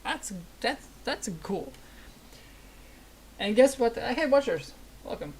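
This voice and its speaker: A woman's voice: on the high side, very animated, takes it slowly, darkish tone, a little hiss or hum. A woman gaming streamer chatting casually, telling rambling stories with lots of fillers. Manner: rambling storytelling with frequent fillers. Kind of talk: casual chat while streaming.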